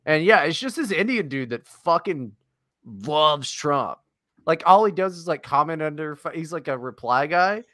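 A man's voice: fairly high pitch, expressive, sharp tone, no room sound, clean studio sound. A man co-hosting a podcast, rambling and swearing in casual banter and laughing at his own jokes. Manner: rambling, profane, quick to laugh. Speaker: podcast co-host.

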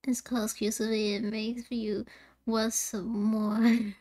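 A woman gives casual let's-play commentary in a slightly high voice, giggling and thinking aloud as she plays. She talks at an unhurried, drawn-out pace. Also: steady tone, mellow. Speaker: streamer playing a video game.

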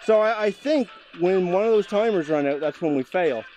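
A man's voice: high-pitched, animated, moderate pace, darkish tone, poor audio. A man commentating his VR gameplay, exasperated and ranting at the game with mild swearing. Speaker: gameplay host. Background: game music.

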